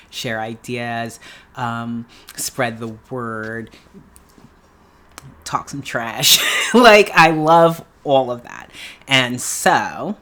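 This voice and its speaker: A woman's voice: extremely low pitch, a bit bright. A middle-aged woman from New York talking casually in a vlog, chatty and emphatic, laughing often and repeating herself for effect. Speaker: beauty YouTuber.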